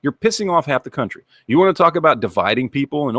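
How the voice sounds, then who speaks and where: A man's voice: fairly high pitch, huge pitch swings, fast talker, a bit bright, no echo, studio quality. A man hosting his own channel, delivering a heated, profane rant to camera and repeating himself as he goes. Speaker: channel host.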